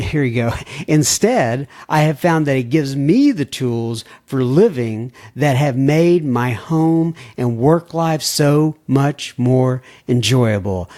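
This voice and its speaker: A man hosting a podcast, reading listener emails aloud with folksy asides. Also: mid-range voice. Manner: folksy, warm-hearted asides. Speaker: podcast host.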